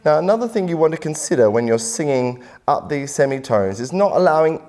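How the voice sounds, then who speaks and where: Calm male vocal coach teaching warm-ups. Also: on the high side, brisk, soft background music. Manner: calm, encouraging explanations with sung demonstrations. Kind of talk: instructional vocal warm-up lesson.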